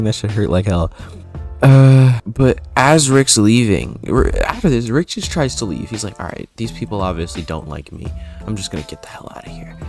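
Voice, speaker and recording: Man rambling through a show recap, lively swooping pitch, swears a lot, laughs often, faint music behind. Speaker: video creator.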